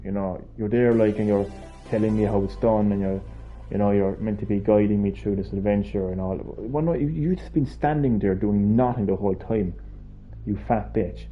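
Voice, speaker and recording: A man's voice: fairly low pitch, normal speed, lo-fi sound. A man streaming a video game, chatting casually, ranting and swearing in a mock-outraged way. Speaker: gaming streamer. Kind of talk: casual live-stream chat. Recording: game music faint behind.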